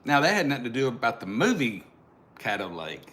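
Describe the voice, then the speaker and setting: A middle-aged man co-hosting a casual talk show, relaxed and chuckling. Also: mid-range voice, quick pace. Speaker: co-host. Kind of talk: casual chat.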